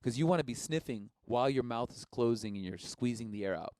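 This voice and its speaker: A man's voice: mid-range voice, lively intonation, fast talker, a little mellow, no echo. A man casually teaching a live-streamed music lesson, encouraging and explaining each step plainly.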